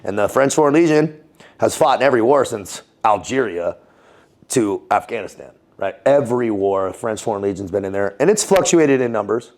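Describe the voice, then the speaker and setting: A man's voice: fairly low pitch, expressive, moderate pace, a little mellow. A man guest in a casual interview, telling a story in slangy, swear-filled talk with frequent laughs. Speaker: guest, former Navy SEAL and Foreign Legionnaire.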